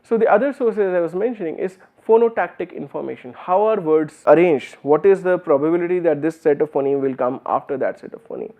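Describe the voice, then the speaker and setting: Male lecturer with an Indian English accent, slightly high voice, explanatory and full of fillers; narrow, phone-like recording. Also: a little fast, hardly any pauses. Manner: explanatory, uses many fillers and restarts. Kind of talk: university lecture.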